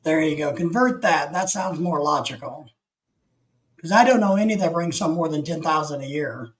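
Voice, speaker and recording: Opinionated American man, higher voice. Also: normal speed, low-quality recording. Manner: opinionated, rambling, reads chat comments aloud. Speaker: live stream host. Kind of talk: casual live stream chat.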